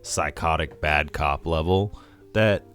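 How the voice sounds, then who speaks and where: A man's voice: a bass voice, slow, fairly bright tone, soft background music. A man co-hosting a movie podcast, musing at length with many fillers and the odd swear. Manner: rambling, filler-heavy, swears. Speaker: podcast co-host. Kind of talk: casual film discussion.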